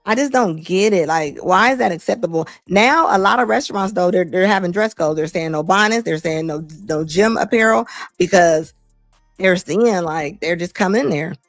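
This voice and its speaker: A woman's voice: fairly low pitch, moderate pace, no echo. Middle-aged woman ranting blunt on a talk show, dry close mic, faint music under it. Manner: blunt, animated, laughs often. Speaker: host. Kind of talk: casual opinion commentary.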